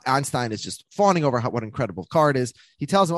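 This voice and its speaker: Male podcast host: quick, rambling, joking; dry close mic. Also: mid-range voice, big pitch swings, dry recording. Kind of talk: casual podcast chat.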